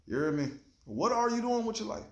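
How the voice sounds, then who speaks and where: A man's voice: sits high, sing-song, a little fast, a little mellow, reverberant. A man hosting his own show, giving a laid-back, slangy motivational talk straight to the camera and swearing freely. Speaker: show host.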